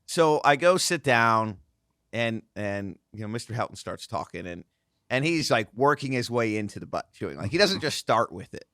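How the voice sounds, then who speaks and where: A man in his thirties telling a casual, animated story on a podcast, acting out the voices of the people in it. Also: mid-range voice, normal speed, smooth, no room sound, studio quality. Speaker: guest host, former racing driver.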